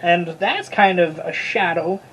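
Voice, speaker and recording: A Bible study teacher giving a casual, informal lesson, chatty and stumbling over hard names, with a husky voice. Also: medium pitch, measured pace, fairly bright tone, slight background noise, poor audio.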